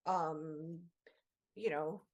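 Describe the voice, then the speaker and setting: A woman in an improv comedy scene, playing an awkward, self-important researcher sister who talks haltingly with many restarts. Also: low-pitched, steady tone, a little mellow. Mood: defensive. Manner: halting, hesitant, full of restarts. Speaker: improv performer.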